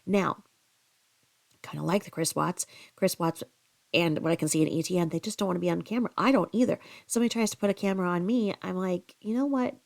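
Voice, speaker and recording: A woman's voice: on the low side, fast talker, creaky. A woman hosting a commentary channel, ranting bluntly and profanely about another online creator. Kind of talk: angry commentary.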